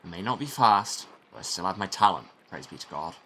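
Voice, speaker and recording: A man plays a proud old monk in a game, dignified and defensive, speaking in a low, subdued voice with a bright edge. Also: lively intonation, a little fast, slightly rough, heavily acted. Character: proud, slow old male monk scribe.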